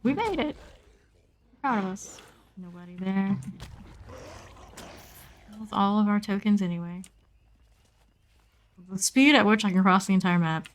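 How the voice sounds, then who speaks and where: Narrating her gameplay, a female streamer keeps up casual chatter to herself, adding playful asides and abrupt excited squeals. Her pitch is medium, her pace measured, and she often pauses.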